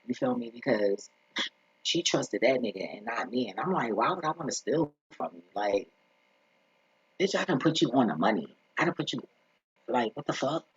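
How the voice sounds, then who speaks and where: The vlogger's mid-range voice sounds slightly rough, with no room sound, in a dull lo-fi recording. His casual story rambles with lots of asides, stays blunt and profane, and is peppered with "you feel me."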